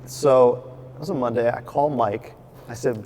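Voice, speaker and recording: A brewery owner appearing as a guest tells a long story in casual conversation, his voice mid-range. He brings each character to life with quick quoted lines and lively restarts. Recorded in his brewery, a faint room hum stays beneath his speech.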